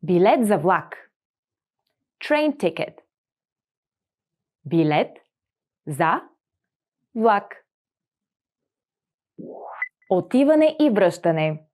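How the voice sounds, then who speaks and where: A woman hosting a scripted vocabulary lesson, repeating each word slowly and clearly for learners. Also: medium pitch, expressive, a little mellow. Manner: slow, clear repetition of words for learners. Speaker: language lesson host.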